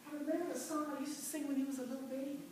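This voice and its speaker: A fervent, determined mother who was once enslaved speaks in an impassioned first-person stage monologue, played by a woman. Her high voice breaks often into cries of "oh." She sounds far from the mic in a very echoey church with a faint hum behind. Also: fairly even intonation, very fast, a little mellow, lightly acted. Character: devout formerly enslaved mother, fierce and determined. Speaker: church dramatic performer. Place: large church sanctuary.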